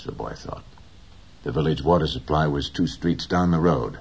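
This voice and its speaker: A man narrating an audiobook in a calm, measured storytelling manner. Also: extremely low pitch, vocal fry, slightly rough.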